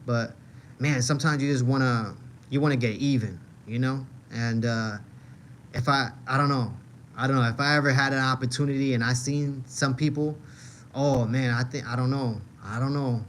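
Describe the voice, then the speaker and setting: A man with a New York accent chats loosely on his livestream, reading viewers' comments aloud. He talks in a mid-range voice and circles back to repeat his own lines. His delivery is relaxed and full of filler. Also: medium pitch, normal speed, a little hiss or hum. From Manhattan, New York. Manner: rambling, repeats himself, frequent "you know what I mean". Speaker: livestream host reading chat. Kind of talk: casual livestream chat.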